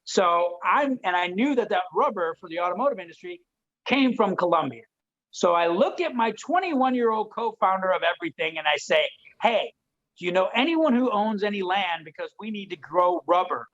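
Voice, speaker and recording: Guy from detroit telling a story on a podcast, pretty high voice, animated, kinda dull lo-fi sound. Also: moderate pace. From Detroit, USA. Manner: lively, acts out quoted voices. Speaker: podcast guest.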